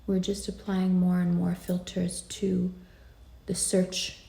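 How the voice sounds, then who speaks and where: A woman giving a tarot card reading in an intimate, reassuring way. She laughs easily and sometimes drops into soft whispers. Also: fairly low pitch, completely flat delivery, slow pace, vocal fry. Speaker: tarot reader.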